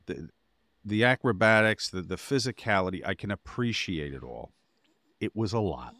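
Low voiced podcast guy rambling thru a story, pitch all over the place. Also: moderate pace, no room sound, clean studio sound. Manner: rambling, animated anecdote that flares up in exasperation. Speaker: podcast co-host. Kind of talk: casual storytelling chat.

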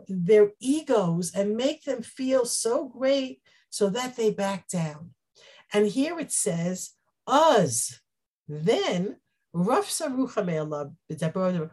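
Animated, husky-voiced woman teaching a Bible class. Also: mid-range voice. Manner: animated, acts out quoted speech; explanatory, with Hebrew terms.

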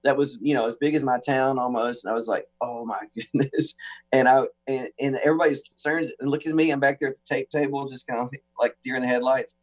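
A man from the United States, a guest on a talk show, telling an animated story with acted-out quotes and frequent restarts. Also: mid-range voice, fast, few pauses. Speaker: guest musician.

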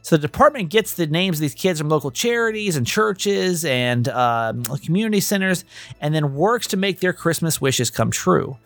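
A man's voice: a little high, expressive, moderate pace, fairly bright tone, dry recording. A man hosting a podcast in a chatty, rambling monologue, often restarting his sentences. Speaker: podcast host.

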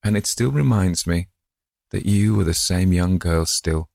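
A man with a low, creaky voice playing a dreamy, tender old gentleman who muses aloud. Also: measured pace, no echo, studio quality, exaggerated voice. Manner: wistful, musing aloud.

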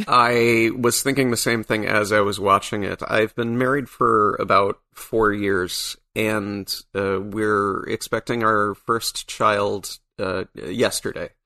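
A man's voice: lowish voice, steady tone, takes it slowly, sharp tone. A man being interviewed as a comic book writer, speaking thoughtfully with a dry, wry sense of humor. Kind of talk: casual podcast interview.

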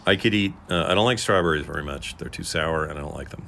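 A man's voice: extremely low pitch, fast talker, gravelly, bright, forceful tone, slight background noise. A man in his fifties co-hosting a podcast in casual chat, joking and rambling with puns. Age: 50s. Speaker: podcast co-host.

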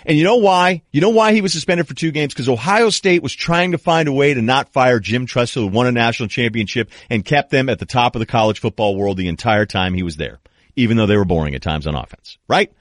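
A middle-aged man hosting a sports talk show, delivering an animated monologue and acting out quoted people in raised voices. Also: mid-range voice, fast talker, no echo, studio quality. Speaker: sports talk radio host.

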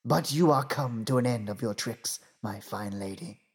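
A man voicing wicked, jealous sister women who make low, hushed threats in a storybook. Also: normal speed, close to an everyday voice. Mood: menacing.

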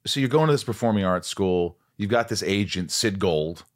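A man's voice: low-pitched, animated, normal speed. A man hosting a podcast, chatting casually and animatedly, swearing freely and acting out his stories. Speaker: podcast host. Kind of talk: casual conversation.

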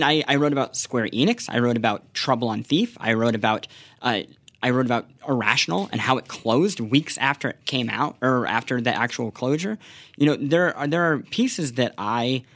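A man's voice: medium pitch, animated, moderate pace, fairly bright tone, no echo. Earnest man in dry podcast chat. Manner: earnest, talks in long runs with frequent restarts and repeated words. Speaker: games journalist and podcast guest. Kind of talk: casual podcast discussion.

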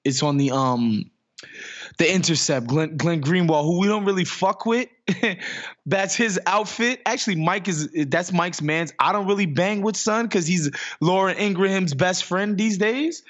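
A man's voice: sits high, a little slow, a bit bright, highs cut off. A man co-hosting a podcast in casual chat, ranting with profanity and rising exclamations. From New York. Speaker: podcast co-host.

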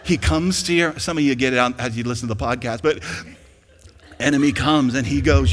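A young man preaching a sermon as pastor in a church, emphatic and rising to loud peaks, with an easy storytelling manner. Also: mid-range voice, brisk, a little hiss or hum. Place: church sanctuary. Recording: long hall reverb.

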